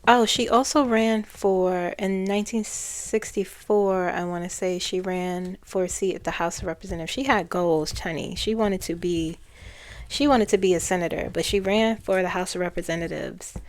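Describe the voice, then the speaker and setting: A woman's voice: on the low side, moderate pace. A woman psychic talking casually about a spirit she channeled, rambling and often restarting her phrases.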